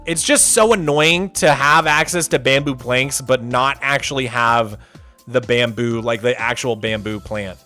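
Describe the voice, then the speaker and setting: A man's voice: mid-range voice, a little slow, sharp tone, faint music behind. A man streaming a game, chatting casually, answering viewer questions and thanking donors as they come in. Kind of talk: casual livestream chat.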